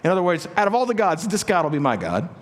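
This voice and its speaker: A man's voice: high-pitched, sing-song, fast talker. A man preaching a sermon as a pastor, chatty and joking, with asides and rhetorical questions. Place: large church sanctuary. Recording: long church reverb.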